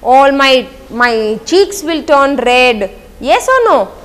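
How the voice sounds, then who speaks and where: A woman's voice: sits high, very animated, slow, fairly bright tone, big-room sound. A woman teacher explaining a poem to her class, asking questions and answering them herself with lots of repetition.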